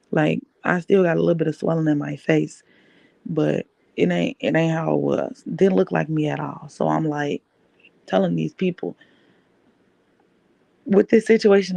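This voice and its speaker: A woman's voice: low-pitched, gravelly, mellow, no room sound. A woman podcast host telling a personal story in an emphatic way, repeating key phrases.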